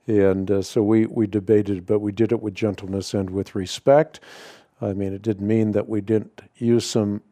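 A middle-aged man answers a caller on a radio call-in show, speaking in a measured, thoughtful way. His voice is low and mellow, recorded dry and close in a studio. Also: little pitch movement, no room sound. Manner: measured, thoughtful, repeats words when starting. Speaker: radio Bible-answer host.

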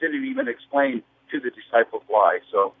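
A man calling in to a radio show, asking his question in a halting way, searching for words. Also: medium pitch. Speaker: caller. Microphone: telephone. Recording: narrow phone line.

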